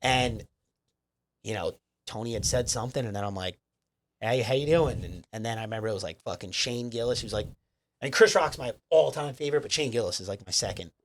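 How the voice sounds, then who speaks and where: A man's voice: on the low side, fast, slight background noise. A man, a comedian guest, telling a rambling, profane story in casual chat. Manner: profane, rambling, lots of fillers.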